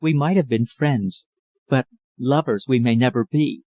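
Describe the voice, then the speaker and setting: A man voicing a grave, gently firm young woman. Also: unhurried, dry recording, lightly acted. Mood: regretful. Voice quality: low, sweet voice. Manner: cool, earnest, regretful.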